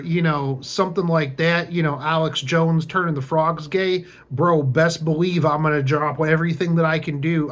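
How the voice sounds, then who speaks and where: Slow-talking young man, rambling story. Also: on the high side, a bit bright. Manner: rambling, lots of fillers and restarts; wry, sarcastic asides. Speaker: vlogger. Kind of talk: casual storytelling.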